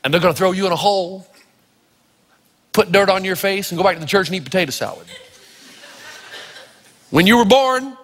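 A man from Tennessee preaching a sermon, telling stories with lively energy and acting out the voices of the people in them. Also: high-pitched, fairly quick, long pauses. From Tennessee, United States. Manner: animated storytelling, acting out voices. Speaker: pastor. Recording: reverberant hall.

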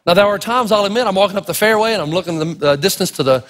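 Male pastor, high husky voice, lively storytelling sermon, long hall reverb. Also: very fast. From Tennessee. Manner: animated, acts out voices in stories.

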